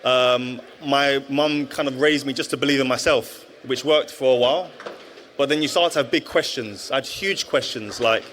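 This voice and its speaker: In a live stage interview, this thirty-something former footballer shares his testimony, earnest and reflective, frequently starting his sentences over. He speaks at normal speed with a medium-pitched, slightly bright voice, and a little hiss or hum is audible.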